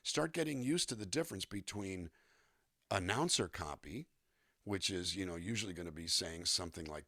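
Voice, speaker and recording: Husky low-voiced man, animated and expressive. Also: normal speed, dry recording, clean studio sound. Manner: animated, demonstrates line readings and accents. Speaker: guest voice actor and musician. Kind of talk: conversational interview.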